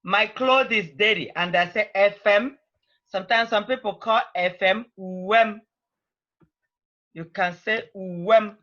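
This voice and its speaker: A woman's voice: mid-range voice, pushed and bright, dull audio. A woman teaching a language class over a video call, speaking. She prods students patiently and repeats her phrases.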